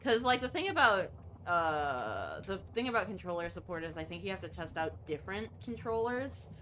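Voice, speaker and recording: A woman's voice: lowish voice, very animated, moderate pace, pushed and bright, a little hiss or hum. A woman streaming a game and chatting casually, thinking aloud and swearing freely.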